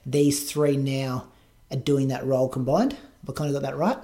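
A man's voice: mid-range voice, steady tone, normal speed, mellow. A man, co-hosting a podcast and reading out news in casual chat. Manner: chatty, reads items aloud. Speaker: podcast co-host.

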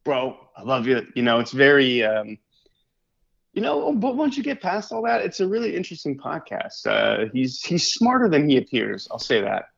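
A man's voice: a little high, wildly swooping pitch, moderate pace, vocal fry, a bit bright, breathy edge, highs cut off. A man co-hosting a podcast in loose, casual chat, full of fillers and restarts, laughing easily. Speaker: podcast co-host.

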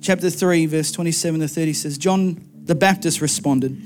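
High-pitched guy preaching, earnest and chatty, keeps repeating himself. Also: moderate pace, hardly any pauses, darkish tone, soft background music. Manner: earnest, conversational, repeats words. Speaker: pastor. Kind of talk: sermon.

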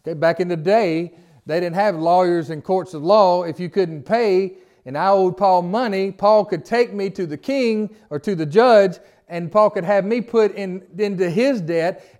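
A man with a notably high-pitched speaking voice leads an informal Bible study. He reads scripture aloud, then turns to his listeners with plain, folksy questions, often restarting his phrases as he goes. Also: moderate pace, hardly any pauses, darkish tone. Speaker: Bible teacher. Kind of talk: conversational Bible study teaching.

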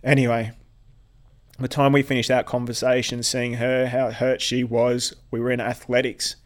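Man interviewee, average pitch, halting, repetitive storytelling, blunt. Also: level tone. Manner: halting, repeats words, restarts; blunt, swears when upset. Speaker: interviewee, veteran athlete. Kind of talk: personal storytelling.

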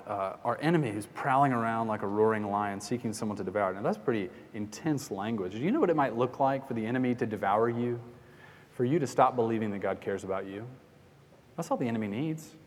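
A man's voice: medium pitch, in a large hall. A man preaching a sermon in a conversational way, now and then acting out scenes as he retells them. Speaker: pastor.

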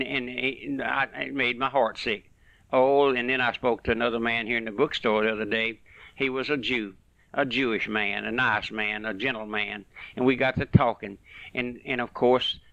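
A man preaches an impassioned radio sermon, pleading with his listeners, rising into loud bursts and dropping to hushed asides. His voice sits at a middle pitch. The recording is dry and dull, like an old lo-fi radio broadcast. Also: no room sound.

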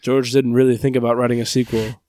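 A man co-hosting a podcast in casual chat, making dry, deadpan jokes. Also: medium pitch, quick pace, no room sound. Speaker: podcast co-host.

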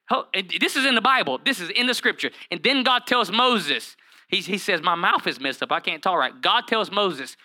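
A man pastor preaching a lively sermon, acting out Bible characters in comic voices and calling out to his listeners. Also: high-pitched, fairly quick. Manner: animated, acts out Bible characters in funny voices, calls to the congregation by name.

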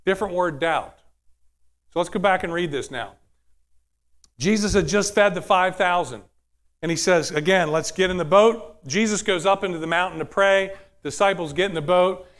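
A man's voice: high voice, normal speed, a bit bright. A man preaching a sermon in a conversational way, often asking the audience questions.

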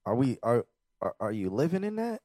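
A man's voice: medium pitch, big pitch swings, fairly quick, darkish tone, no room sound. A man hosting a casual music review podcast, chatty and loose, laughing easily. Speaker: podcast host.

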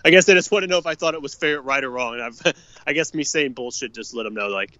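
A man's voice: mid-range voice, fast talker, bright, forceful tone, no room sound, muffled recording. A young man co-hosting a casual sports podcast, agreeable and laid-back, often chuckling. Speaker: podcast co-host.

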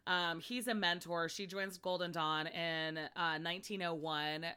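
A woman's voice: lowish voice, steady tone, measured pace, sharp tone, clean tone. A young woman co-hosting a podcast, chatting casually and peppering her talk with "like". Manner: chatty, heavy use of "like". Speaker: podcast co-host. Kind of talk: casual chat.

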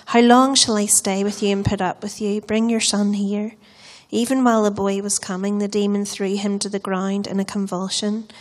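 A woman reading scripture aloud in a church service, steady and even. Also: mid-range voice. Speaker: scripture reader.

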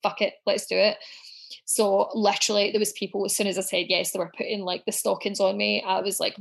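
A woman's voice: medium pitch, creaky. A woman telling a personal story frankly, with swearing, and acting out what others said. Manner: frank, sweary, acts out quoted dialogue.

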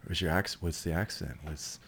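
Deep-voiced Canadian man, rambling and laughing. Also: fairly even intonation, a little fast, gravelly, a bit bright, slight background noise. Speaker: guest actor. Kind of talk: casual chat.

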